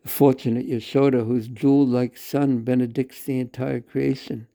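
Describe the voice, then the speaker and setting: A man reading a devotional story aloud at a measured pace, with slow pauses and the odd self-correction. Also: medium pitch, level tone, vocal fry, dark tone.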